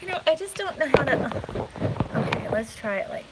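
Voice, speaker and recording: A woman's voice: high voice, lively intonation, normal speed, heavy background noise. A woman real estate agent chatting casually on a live stream from a hotel room, giggly and rambling, recorded on a phone. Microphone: phone camera.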